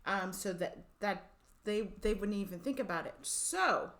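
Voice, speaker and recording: A woman's voice: medium pitch, unhurried, a bit bright. A woman co-hosting a casual podcast chat, thoughtful and agreeable, often restarting her sentences. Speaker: podcast co-host.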